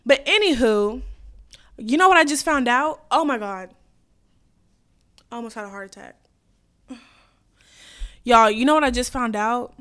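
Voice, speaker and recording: Young female podcast host, slightly high voice, blunt and sassy, swearing freely, swinging between loud bursts and low asides. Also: moderate pace, long pauses, smooth. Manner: blunt, profane, sassy ranting; animated, swings loud and quiet. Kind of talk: casual chat.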